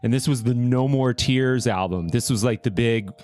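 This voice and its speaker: A man in a casual podcast chat, an animated storyteller who rushes through his anecdotes. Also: medium pitch.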